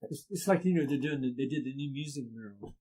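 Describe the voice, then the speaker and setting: A middle-aged man with an Appalachian accent, a folk musician telling stories in a casual podcast chat, lively and doing voices for the people in them. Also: mid-range voice, fast talker, slightly rough, rough recording. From Appalachian Ohio. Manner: animated storyteller, does voices in quotes.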